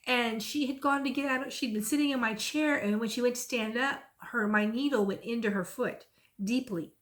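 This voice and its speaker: A middle-aged woman with a drawl talks through her cross stitch projects in a relaxed, rambling way. Her voice sits a little high, and she gets lively as she tells a story. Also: moderate pace. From Texas. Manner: chatty, rambling, lively when retelling stories. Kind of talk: casual chat and storytelling.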